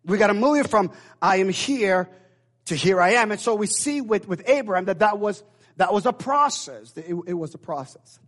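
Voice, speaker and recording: A man's voice: high voice, expressive, brisk, a bit bright. A man preaching a sermon, telling a personal story with many restarts and repeated words. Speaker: pastor.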